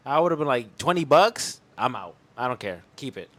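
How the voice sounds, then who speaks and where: Young male co-host, mid pitch, very lively intonation, casual and profane. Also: moderate pace, no echo. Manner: laid-back, swears, flares up when annoyed. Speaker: podcast co-host. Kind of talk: casual chat.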